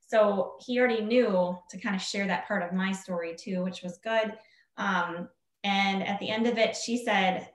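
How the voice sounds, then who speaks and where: A woman telling a story casually to a group, acting out what people said in a higher voice. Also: steady tone, moderate pace, roomy sound, poor audio. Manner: chatty, acts out quoted speech in a higher voice. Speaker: team member sharing a story.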